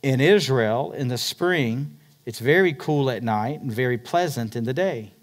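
A man preaching a sermon, retelling a story dramatically, swinging between loud emphatic peaks and hushed, quiet passages. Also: mid-range voice, lively intonation, measured pace. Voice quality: dramatic storyteller, rising to near-shouts then dropping to hushed tones. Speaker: pastor.

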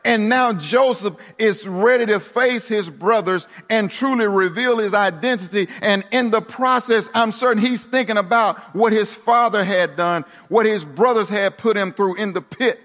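Pastor, male, high voice, preaching with sweeping shifts from hushed to emphatic, long hall reverb. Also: normal speed, hardly any pauses. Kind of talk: sermon.

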